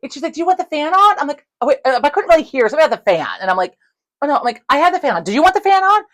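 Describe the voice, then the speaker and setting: This podcast co-host has a high voice and talks very fast. Telling a story on the casual show, she swears constantly and animatedly acts out both sides of every conversation.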